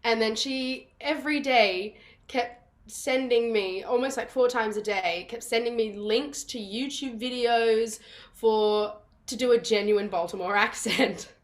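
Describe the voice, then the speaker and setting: Young actress, bright-voiced and bubbly, chatty guest over video call. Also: female voice, a little high, unhurried. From Australia. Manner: bubbly, laughing storyteller. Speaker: guest, musical theatre actress. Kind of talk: casual interview chat.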